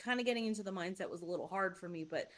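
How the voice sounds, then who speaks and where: A woman who is a regular on a film podcast, giving frank, blunt, animated opinions. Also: fairly low pitch, rapid-fire. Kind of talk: casual chat.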